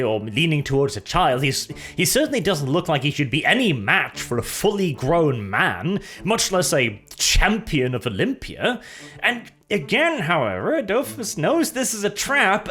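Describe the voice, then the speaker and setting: A man casually retelling lore as a storyteller, animated and jokey, with asides and laughter. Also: a little high, husky.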